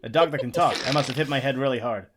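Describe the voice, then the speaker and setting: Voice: mid-range voice, very fast, a little hiss or hum. A player in a casual tabletop role-playing game who laughs often and mocks their own character. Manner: giggly, self-mocking.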